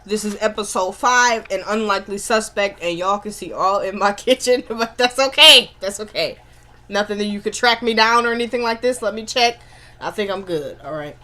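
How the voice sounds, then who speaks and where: A woman recapping a TV episode in a casual vlog from her home kitchen, chatty and animated, with exasperated asides. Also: mid-range voice, fairly quick. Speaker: TV episode reviewer.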